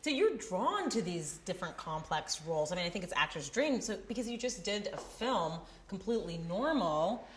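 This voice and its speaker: A woman hosting a casual restaurant interview, enthusiastic and quick with affirmations. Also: on the low side, very animated, roomy sound, slight background noise. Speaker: host.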